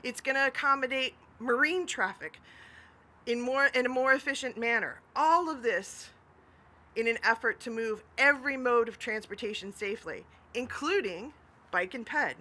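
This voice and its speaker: Brief: woman official, fairly high bright voice, upbeat podium remarks. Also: moderate pace. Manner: upbeat, laughs between remarks. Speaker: transportation commissioner. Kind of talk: prepared remarks at a press event.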